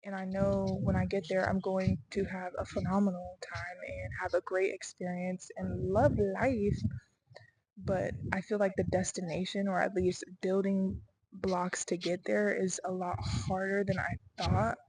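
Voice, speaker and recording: A woman's voice: medium pitch, level tone, unhurried, background noise. A young adult woman talking through her doubts in a rambling, earnest personal vlog, her delivery swinging to emphatic bursts. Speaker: vlogger.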